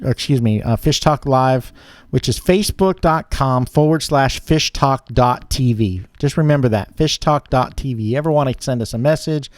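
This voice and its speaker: On a live online fish-keeping show, a male co-host with a mid-range voice chats in a rambling way, filling gaps with lots of fillers while running a giveaway. The recording is dry and of studio quality.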